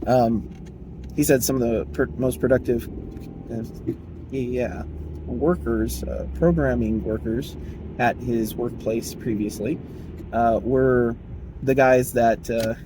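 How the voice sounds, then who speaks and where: A man's voice: mid-range voice, fairly even intonation, slow, pauses often, background noise. A man talking casually on his own show, rambling and correcting himself as he goes. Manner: rambling, self-correcting, chuckling, mock dialogues in raised voice. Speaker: podcast host. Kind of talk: casual solo talk.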